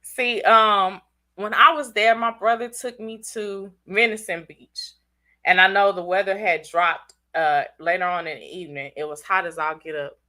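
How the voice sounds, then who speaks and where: A woman hosting a casual livestream, talking straight to her viewers in an animated, chatty way, congested from a cold, with country-sounding speech. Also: medium pitch, normal speed. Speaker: livestream host.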